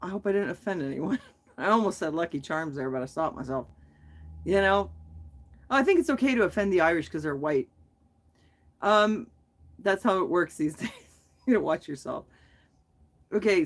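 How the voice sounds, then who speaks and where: A middle-aged woman hosting a casual livestream, chatting with viewers in a giggly, self-deprecating way. Her voice rises and falls in a lively, animated way as she rambles and laughs at herself. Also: on the low side, moderate pace, long pauses. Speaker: livestream host.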